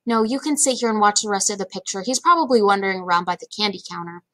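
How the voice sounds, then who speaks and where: A woman voicing a calm, matter-of-fact father of two boys in a storybook. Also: medium pitch, quick pace, no echo, lightly acted.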